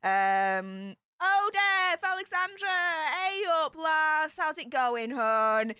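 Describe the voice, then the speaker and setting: A YouTube livestream host from Yorkshire, England, with a Yorkshire accent, talks slowly in a high-pitched, expressive voice that is pushed and bright. She chats casually and bubbly, greeting viewers one by one. The recording is dry and studio-clean.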